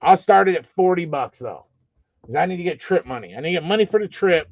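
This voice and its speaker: A man's voice: high-pitched, expressive, fast talker, gravelly, highs cut off. A man hosting a live sports card auction stream, teasing his chat with profane jokes and calling out bids.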